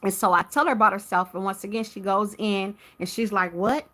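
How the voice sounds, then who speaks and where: A woman hosting a live stream, telling her viewers about a dispute with a neighbor in a heated, animated way and talking to them directly. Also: mid-range voice, brisk. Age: adult with a teenage son. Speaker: livestream host.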